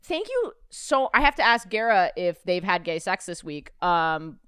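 A woman's voice: lowish voice, sing-song, fairly bright tone, smooth, dry recording. A woman hosting a podcast, chatting candidly and correcting herself mid-sentence. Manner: candid, halting, self-correcting. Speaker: podcast host. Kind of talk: casual podcast chat.

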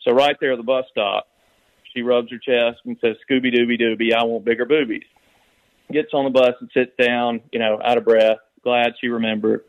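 A man calling in to a sports radio show, telling a joke in a rambling, halting way. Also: medium pitch, little pitch movement, no room sound, narrow, tinny audio. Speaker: caller. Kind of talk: casual call-in chat and joke telling.

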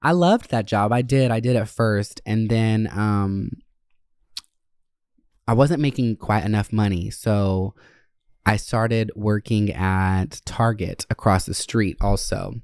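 A podcast host telling stories about old jobs in a candid, profane, animated way. His voice sits somewhat low for a man. The sound is dry and close, with no room echo. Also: slow pace, clear, resonant tone. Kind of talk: casual storytelling podcast.

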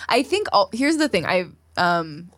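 A woman's voice: medium pitch, big pitch swings, unhurried, no room sound. Dry-humored woman podcast co-host. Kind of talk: casual chat.

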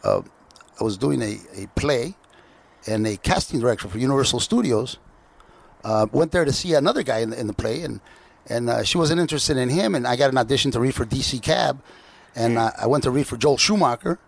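A man with a heavily gravelly, husky voice spins anecdotes in a relaxed interview. He stumbles and restarts his sentences constantly, padding them with fillers. Now and then he puts on other people's voices to act out the story. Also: medium pitch. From United States. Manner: halting, with frequent restarts and filler words. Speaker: guest.

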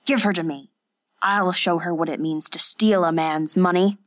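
A woman voicing a drunken, brutish old male fisherman in an audiobook, with slurred, loud speech. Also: fairly low pitch, steady tone, moderate pace, lightly acted. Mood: drunken rage. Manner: loud, shouting threats.

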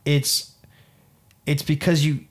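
A man's voice: fairly high pitch, flat delivery, slow. A man in his thirties from Canada, co-hosting a podcast and telling a personal story in an earnest, rambling way with many restarts. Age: 30s. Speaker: podcast co-host. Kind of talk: casual chat.

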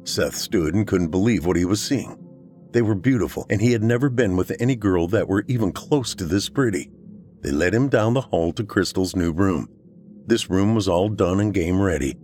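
A man narrating a horror story for a podcast in a steady storytelling manner. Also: low-pitched, normal speed, soft background music.

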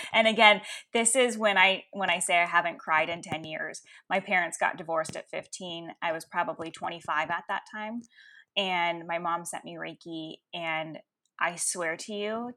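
A woman in her thirties, a coach and Reiki healer, telling a personal story in an animated, frank way with laughs. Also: lowish voice. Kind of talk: storytelling interview.

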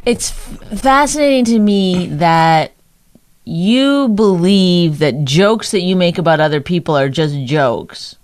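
Teasing low-voiced woman co-host. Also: expressive, slow, a little mellow. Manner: teasing, defensive. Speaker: podcast co-host. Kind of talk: casual bickering chat.

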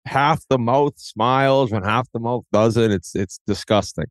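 Podcast guest, thirties Massachusetts guy, ribbing himself, blunt, mid-pitch, dry studio sound. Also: measured pace, no echo. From Scituate, Massachusetts. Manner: brash, self-mocking, swears freely. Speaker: podcast guest, former hockey player. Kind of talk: casual podcast chat.

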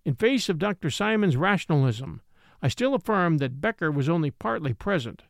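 A man reading the part of a mild, patient priest in a quiet, reflective way, in an audiobook. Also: on the high side, very animated, normal speed, gravelly, no echo, studio quality. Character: mild little old priest, calm and patient.

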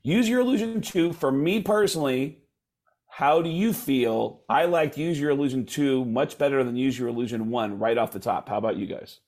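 A man's voice: medium pitch, normal speed, darkish tone. A man hosting a casual chat, rambling with lots of fillers and laughs.

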